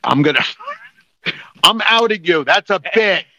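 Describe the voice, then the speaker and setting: A man's voice: high-pitched, lively intonation, a little slow, bright, forceful tone, no echo. A man from New Jersey co-hosting a comedy podcast, talking in a cranky, ranting way. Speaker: podcast co-host. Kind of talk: casual comedic chat. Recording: dull lo-fi sound, dry.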